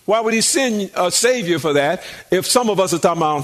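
An older man preaches a sermon with a high, lifting voice. He talks to the congregation in a folksy, conversational way, repeating words as he builds up fervor. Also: animated, fairly quick, hardly any pauses. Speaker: pastor.

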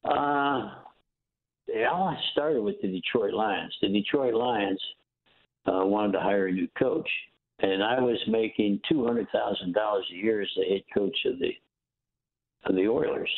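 An older man, a former football coach, telling stories in an interview in a folksy, animated way, acting out the other voices. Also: lowish voice, unhurried, gravelly. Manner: folksy, animated storytelling with quoted dialogue. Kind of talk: storytelling interview. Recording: tinny phone line.

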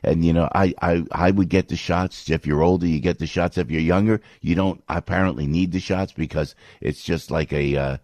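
A man's voice: low voice, fairly even intonation, normal speed, few pauses, a little mellow, dry recording. An older man ranting in political commentary, rambling and exasperated, with frequent stops and restarts.

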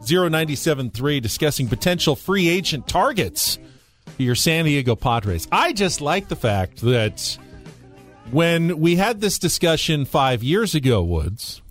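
A man's voice: a little high, big pitch swings, a little slow, faint music behind. A man hosting a sports talk radio show, who reads station promos and call-in numbers and then chats freely with his co-hosts into a studio microphone.

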